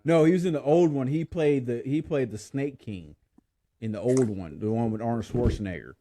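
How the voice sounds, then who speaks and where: A man's voice: mid-range voice, moderate pace, warm tone, slight background noise. A man hosting a podcast in casual chat, laughing often and stumbling over his words. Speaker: podcast host.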